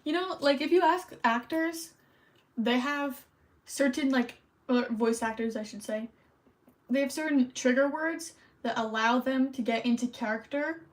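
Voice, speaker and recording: A woman's voice: high-pitched, unhurried, low-quality recording. A woman streamer hosting trivia in casual livestream chat, chatty and rambling, a little self-conscious.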